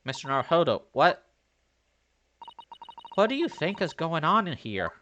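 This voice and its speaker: A man's voice: a little high, very animated, normal speed, pushed and bright, slight background noise, pitched above the performer's own voice. Man voicing a polite young female assistant. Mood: puzzled.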